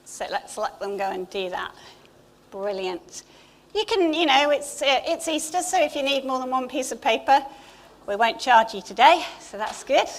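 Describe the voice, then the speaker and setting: High-pitched woman, English accent, middle-aged, church leader, chatty informal sermon, friendly asides. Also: expressive, moderate pace. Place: church hall.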